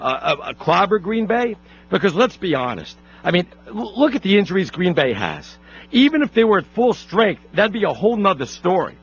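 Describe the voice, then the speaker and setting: A man's voice: high-pitched, fairly bright tone. Brash, boastful male sports radio host. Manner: brash, boastful, stammering restarts. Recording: dull lo-fi radio broadcast.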